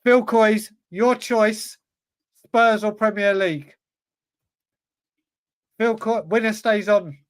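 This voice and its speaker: High-voiced English man, swearing through a quiz. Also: fairly even intonation, slow, pauses often, clear, resonant tone, no echo. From England. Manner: swears freely, blurts answers, talks to himself. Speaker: podcast co-host. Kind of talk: casual chat while playing a football quiz.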